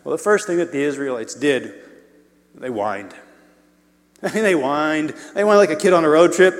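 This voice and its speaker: A man preaching a sermon in an animated way, shifting his volume and adding playful asides to the congregation. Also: a little high, normal speed, in a large hall.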